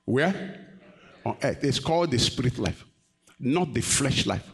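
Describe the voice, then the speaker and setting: A man's voice: medium pitch, lively intonation, a little slow. A man preaching a sermon, questioning the congregation and rising to emphatic peaks. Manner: call-and-response, questioning the congregation.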